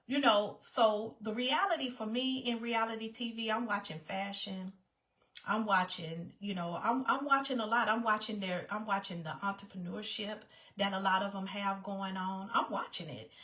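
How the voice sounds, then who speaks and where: A woman vlogger with a fairly high, slightly bright voice speaks personally to her viewers on camera. She's emphatic and often repeats her phrases.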